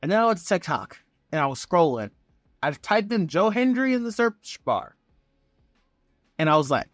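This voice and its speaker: A man talking as a vlogger, giving casual fan commentary in an excitable, profane, rambling way. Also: on the high side, normal speed, dry recording, clean studio sound, soft background music. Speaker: wrestling vlogger.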